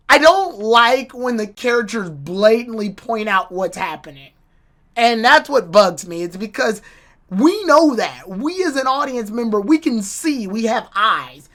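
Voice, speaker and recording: A woman's voice: a little high, expressive, unhurried, fairly bright tone. A woman giving a casual, rambling and opinionated episode review with swearing and restarts. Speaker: anime reviewer.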